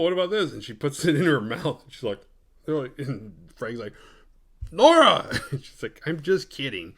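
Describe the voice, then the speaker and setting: A man casually recapping a horror movie with comic sarcasm and profanity, slipping in quick voices for the characters. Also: medium pitch, a bit bright.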